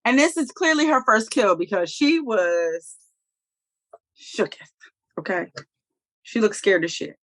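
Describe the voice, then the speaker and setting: A woman's voice: medium pitch, measured pace, long pauses. A woman co-hosting a TV review chat, retelling scenes in a blunt, profane, slangy way. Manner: animated, profane, slangy storytelling. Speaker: co-host reviewing a TV episode. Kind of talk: casual recap chat.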